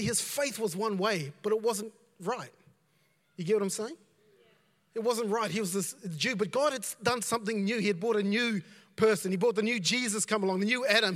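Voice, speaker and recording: A man's voice: high voice, fairly bright tone, big-room sound. A man preaching a conversational sermon as a pastor, repeating himself and dropping in asides.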